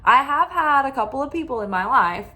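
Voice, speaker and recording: A woman's voice: high-pitched, animated, a little fast, bright, forceful tone. A middle-aged woman giving spiritual love advice as a tarot reader, talking animatedly and acting out the voices of people she quotes.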